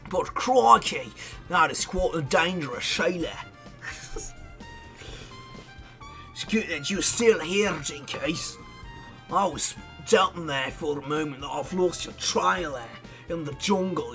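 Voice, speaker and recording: A man's voice: fairly high pitch, takes it slowly, pauses often, pushed and bright, soft background music, exaggerated voice. A man putting on an Australian accent to voice a jovial outback bloke during game commentary. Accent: put-on Australian.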